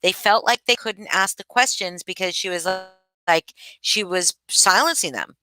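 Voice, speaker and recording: At normal speed and mid-range pitch, a woman livestreams from home, chatting casually with viewers by name in a pushed, bright voice. She's sleepy and yawning, her talk rambles, and the recording is rough.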